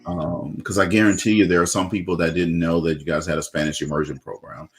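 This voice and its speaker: A man with a low, deep voice hosts a casual interview. He talks in an upbeat, chatty way, leaning on fillers and restarting his sentences. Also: little pitch movement, fast talker, faint music behind. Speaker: show host.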